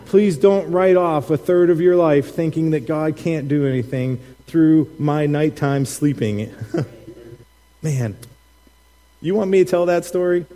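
A man's voice: on the high side, a little slow, dark tone. A middle-aged man, a pastor, preaching a sermon and telling a personal story with laughter, acting out the voices of the people in it. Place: church sanctuary. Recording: long hall reverb.

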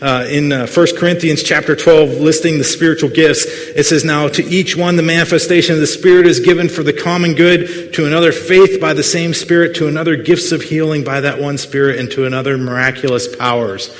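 A man's voice: fairly high pitch, flat delivery, a little fast, hardly any pauses. A man preaching a sermon as pastor, earnest but full of playful jokes and asides to the congregation. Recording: long hall reverb.

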